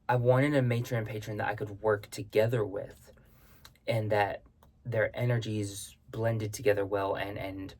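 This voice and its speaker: A man's voice: lowish voice, a little mellow. A man chatting casually in a vlog, answering viewer questions on his spiritual practice and often circling back to rephrase himself.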